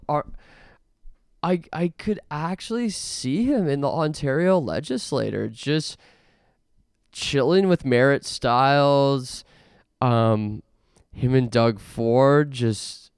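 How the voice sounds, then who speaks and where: A young man hosting a podcast, rambling through an absurd comic monologue in a deadpan way with mock rants. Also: mid-range voice, slow, clean tone, no echo, studio quality. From Canada. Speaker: podcast host.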